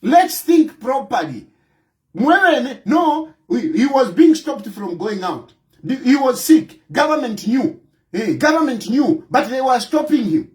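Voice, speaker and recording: A man's voice: very high-pitched, very animated, unhurried, poor audio. A man with a Zambian accent, delivering impassioned political commentary in a scolding, combative tone and repeating his points for emphasis. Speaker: opposition party president.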